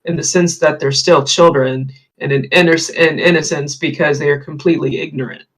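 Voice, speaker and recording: Thoughtful halting speaker, mid pitch. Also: fairly even intonation, fairly bright tone, low-quality recording. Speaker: roundtable guest. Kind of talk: casual group discussion.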